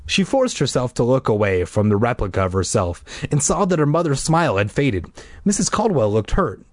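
Man reading a story aloud, joking asides, lively pitch, mid voice, dry close mic. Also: brisk, no echo. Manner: irreverent, swears, lively. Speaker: reader. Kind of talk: comedic book reading with asides.

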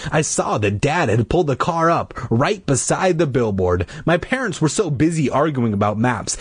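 A man reads a children's horror story aloud and keeps interrupting with crude, mocking jokes. His husky voice swings widely in pitch and sounds dry and close to the mic. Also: no echo. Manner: irreverent, with crude joking asides.

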